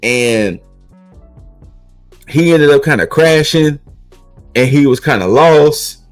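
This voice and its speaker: A man's voice: fairly high pitch, expressive, slow pace, dry recording, soft background music, rough recording. A man co-hosting a podcast, recapping in casual chat and rambling with repeated restarts. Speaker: podcast co-host recapping wrestling.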